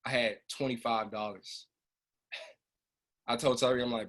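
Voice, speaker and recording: A man who trains a business group, telling an emotional personal story in a casual, animated way over a video call. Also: mid-range voice, measured pace, long pauses.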